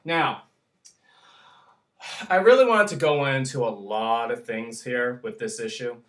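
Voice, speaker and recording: A man ranting casually in a vlog, hyper and excitable, swearing freely and breaking into giggles. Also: mid-range voice, a little slow. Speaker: vlogger. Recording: echoey room, from far off.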